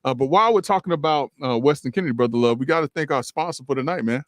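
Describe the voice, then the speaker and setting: A man's voice: mid-range voice, rapid-fire, no room sound. A man co-hosting a radio talk show, earnest, restarting often and stacking points in repeated phrases. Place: radio studio.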